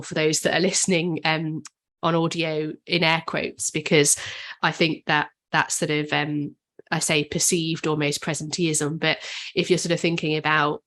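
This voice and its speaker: Woman co-host, low-pitched, even delivery, chatty and tentative. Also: moderate pace. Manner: hedging, thinking aloud with many "sort of"s. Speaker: podcast co-host. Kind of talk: casual discussion.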